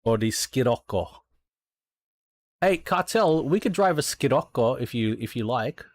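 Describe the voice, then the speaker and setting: A man's voice: mid-range voice, animated, unhurried, no echo. Aussie guy streaming a racing game, chill and sweary, dry close mic. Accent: Australian. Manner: laid-back, thinks aloud, swears freely. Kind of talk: casual gameplay chat.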